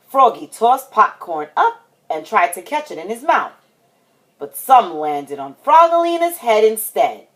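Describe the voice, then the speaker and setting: A woman reading a children's picture book aloud, expressive and dramatic. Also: on the low side. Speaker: storytime host.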